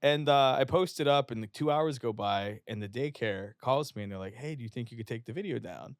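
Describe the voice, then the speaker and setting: A young West Virginia fitness influencer tells stories casually and profanely, animatedly acting out the people he quotes. His mid-range voice moves fairly quickly, recorded on a podcast studio mic with clean sound and no room noise.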